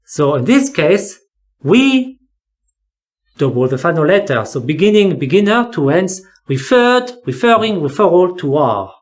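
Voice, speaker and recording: An English teacher explaining spelling rules, talking slowly and deliberately and repeating key words for emphasis. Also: mid-range voice, very animated.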